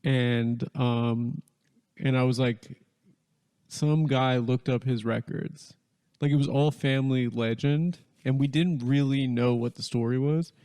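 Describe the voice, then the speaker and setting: A man's voice: medium pitch, fairly even intonation, measured pace, mellow, smooth. A man chatting casually on a podcast, telling stories with many fillers and self-corrections.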